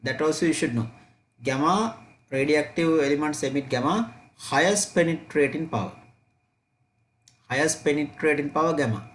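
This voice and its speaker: A man's voice: a little high, moderate pace, long pauses, fairly bright tone. Sri man drilling chemistry facts. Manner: repetitive, drilling key points, checking answers aloud. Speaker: chemistry teacher. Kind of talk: online revision class.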